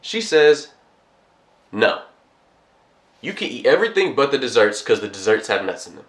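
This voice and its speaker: A man's voice: mid-range voice, moderate pace, echoey room. Young man telling a rambling story. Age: young adult. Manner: rambling, animated retelling with quoted dialogue. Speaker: college vlogger. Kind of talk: casual storytime.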